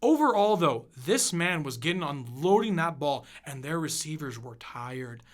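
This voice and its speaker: A man's voice: on the high side, very animated, moderate pace. A young man in his twenties hosting a podcast, ranting about football with lots of swearing and emphatic energy. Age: 20s. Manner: profane, fired-up, emphatic. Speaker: podcast host. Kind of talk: casual sports rant.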